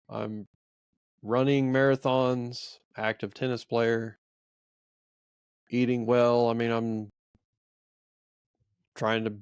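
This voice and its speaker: A man's voice: mid-range voice, clear, resonant tone, dry recording, clean studio sound. A man in his forties co-hosting a faith podcast, telling a personal story in a rambling, earnest, self-reflective way. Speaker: podcast co-host. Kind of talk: casual storytelling chat.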